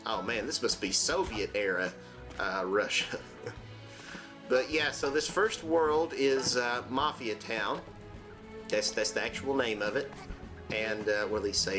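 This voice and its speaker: Man, let's-play host, mid pitch, rambling, jokey, filler-heavy, game music behind. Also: measured pace. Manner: rambling and jokey, many fillers, sudden high-pitched exclamations. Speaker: gaming channel host.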